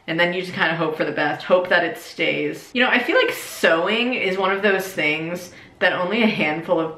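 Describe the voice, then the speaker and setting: A young woman vlogs in a loose, self-mocking ramble, a little tipsy as she fumbles with her sewing. Her voice is bright and sits a bit low. The room around her rings with echo. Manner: chatty, self-mocking, slips into silly voices. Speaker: YouTuber. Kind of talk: casual comedic vlog while sewing and drinking.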